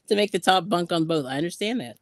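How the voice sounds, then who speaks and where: Woman, live-stream craft host, low voice, very lively pitch, dry close sound, giggly, reads chat aloud. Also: moderate pace, no echo. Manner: chatty, laughs often, reads out viewer comments.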